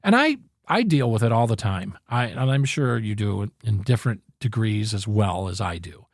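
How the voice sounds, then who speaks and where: A man's voice: on the low side, animated, moderate pace, no echo, clean studio sound. A man hosting a podcast, talking through a casual motivational monologue in an earnest, rambling way, often correcting himself. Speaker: podcast host.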